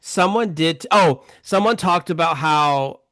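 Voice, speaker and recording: A man's voice: on the high side, a little slow, a bit bright, no echo. A man hosting a casual film podcast, talking in a chatty, rambling way. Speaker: podcast host.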